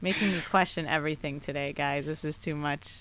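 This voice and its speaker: A woman co-hosting a casual podcast, playful and teasing, quick to laugh. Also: sits low, fairly even intonation, fairly bright tone. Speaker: podcast co-host.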